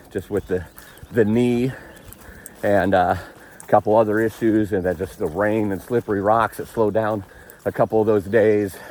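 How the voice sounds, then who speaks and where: A man vlogging casually on a forest trail, chatty and self-amused, quick to laugh. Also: fairly low pitch, a little mellow. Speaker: thru-hiker vlogger. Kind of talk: casual vlog narration while hiking.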